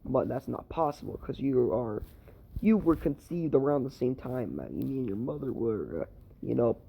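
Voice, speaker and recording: Man putting on a mellow dragon father, casual, teasing, low-key storytelling voice. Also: lively intonation, normal speed, gravelly, breathy edge. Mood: offhand. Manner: casual, offhand delivery in crude slang. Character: laid-back male dragon father, dry and teasing.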